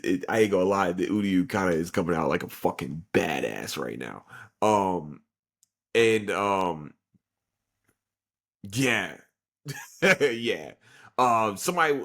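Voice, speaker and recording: A man hosting a podcast, casually reviewing an anime with a profane, excitable retelling full of fillers. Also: on the low side. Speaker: podcast host.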